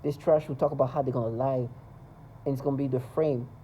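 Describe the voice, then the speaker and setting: A man's voice: medium pitch, fairly even intonation, fast, mellow, a little hiss or hum, low-quality recording. A man talking to camera in a rambling, agitated monologue, repeating himself and stumbling over restarts.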